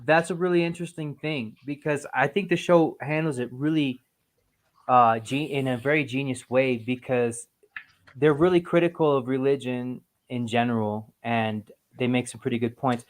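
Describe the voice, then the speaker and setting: A man hosting a casual group chat, rambling and animated, laughing often. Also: medium pitch, normal speed. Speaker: podcast host.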